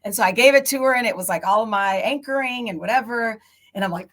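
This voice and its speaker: Chatty animated woman moderating a panel. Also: on the high side, quick pace. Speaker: panel moderator, TV news anchor. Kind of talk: casual panel discussion.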